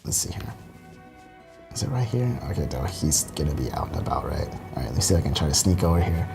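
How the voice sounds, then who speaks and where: A man giving relaxed, halting commentary while demonstrating a video game, with many fillers. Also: very deep voice, creaky. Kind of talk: casual gameplay commentary. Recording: faint game music behind.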